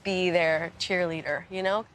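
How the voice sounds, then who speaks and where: A young woman in a casual radio interview, talking softly with many restarts and fillers. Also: on the low side, fairly even intonation, a little hiss or hum. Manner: soft-spoken, halting, many restarts and fillers. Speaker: interview guest, musician.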